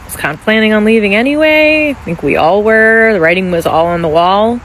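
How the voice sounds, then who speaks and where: Anxious laid-off worker, casual vlog, rambling, blunt swearing, mid-pitched voice. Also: animated, a little fast, fairly bright tone, slight background noise, rough recording. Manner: candid, rambling, swears freely.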